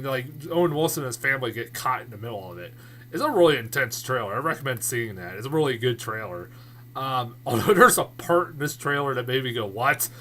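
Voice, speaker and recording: A man casually reviewing movies in a vlog, rambling and excitable, swearing a lot and restarting his sentences often. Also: mid-range voice, slight background noise. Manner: many fillers and restarts.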